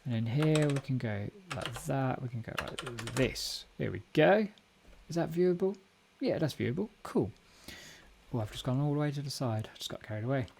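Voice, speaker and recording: A man with a gravelly, creaky voice hosts a casual live coding stream from home. He thinks aloud as he works and often stops to correct himself mid-sentence. Keyboard typing and clicks sit faintly behind his voice. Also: mid-range voice, animated, normal speed, darkish tone, a little hiss or hum. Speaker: live-stream host learning a programming language. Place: home room at a computer.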